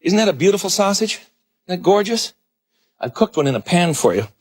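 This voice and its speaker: A husky, fairly high-voiced middle-aged man hosts a cooking show from a narrow studio kitchen. His pitch swoops up and down as he gushes over every dish he shows. He talks like a seasoned TV demonstrator. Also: sing-song, fairly quick. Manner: effusive, exclaims over the food. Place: galley-style studio kitchen.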